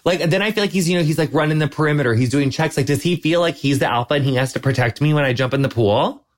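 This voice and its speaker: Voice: mid-range voice, quick pace. A host asking questions in a casual, chatty way, swearing now and then. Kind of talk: casual interview chat.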